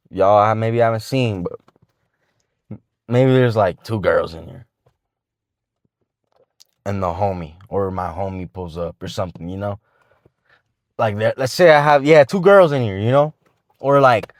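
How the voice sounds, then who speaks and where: A man's voice: lowish voice, dry recording, clean studio sound. A man giving casual dating advice to the camera, talking in slang and swearing freely as he rambles along with restarts.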